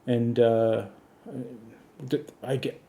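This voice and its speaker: A man's voice: mid-range voice, level tone, extremely slow, dark tone. Dry, insistent man hosting a comedy podcast. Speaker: podcast host. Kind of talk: comedic chat with a voice assistant.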